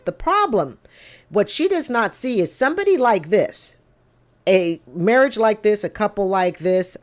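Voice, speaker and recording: A woman in her fifties giving casual, opinionated commentary, blunt and emphatic, repeating her points to drive them home. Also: mid-range voice. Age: 50s. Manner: lecturing, addresses people directly. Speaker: commentator reacting to call-in show clips.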